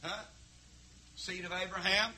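A man preaching a sermon in church, firing rhetorical questions and swinging between loud emphatic lines and hushed asides. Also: high-pitched, steady tone, a little slow, breathy edge. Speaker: pastor.

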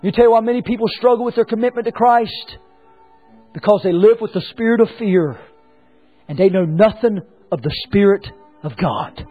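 A man preaches a sermon in a very high, husky voice. He swings from quiet, drawn-out lines to shouted ones, full of fire. Faint music sits underneath. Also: narrow, tinny audio. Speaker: pastor.

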